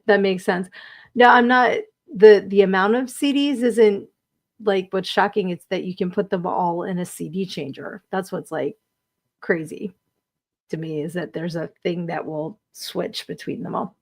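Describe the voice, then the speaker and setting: A woman's voice: lowish voice, steady tone, unhurried, gravelly. A chatty woman hosts a live podcast stream, reading out viewer comments in a casual way. She laughs easily and keeps up a loose, friendly flow of talk. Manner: chatty, reads viewer comments aloud, giggly. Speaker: podcast host.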